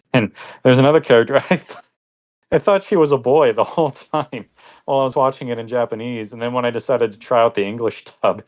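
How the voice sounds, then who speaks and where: A man's voice: medium pitch, a little fast, lo-fi sound. A young man co-hosting a podcast, reviewing an anime in casual chat, rambling and laughing often. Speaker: podcast co-host.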